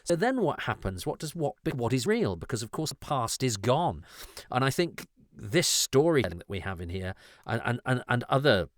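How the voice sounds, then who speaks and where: A man's voice: mid-range voice, big pitch swings, normal speed, dry recording, clean studio sound. A middle-aged man hosting a podcast, talking in a thoughtful, digressive way with frequent restarts. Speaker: podcast host. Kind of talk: conversational podcast discussion.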